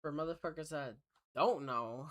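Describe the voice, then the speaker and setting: A streamer reacts to clips with loose, rambling commentary full of swearing. The voice sits at a middling pitch, and the delivery is casual and unpolished. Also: normal speed, a bit bright.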